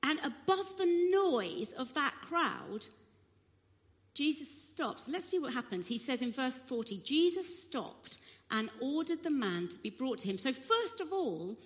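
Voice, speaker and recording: A woman giving a sermon, telling a Bible story with expressive delivery and acting out the crowd's voices. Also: sits high, a little slow. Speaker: preacher. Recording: long hall reverb.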